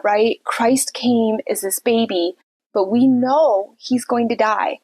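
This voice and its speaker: A woman hosting a Christian podcast, earnestly retelling a story and reflecting on it, sick and recording from her bed. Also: medium pitch. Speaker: podcast host.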